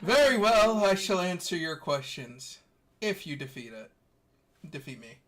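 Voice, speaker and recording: A soul-bound armored knight, as a man puts him on, with a somewhat high voice. He delivers blunt threats offhandedly and grandly. It is a character voice in a tabletop game. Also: big pitch swings, measured pace, a bit bright, heavily acted. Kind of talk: tabletop game role-play.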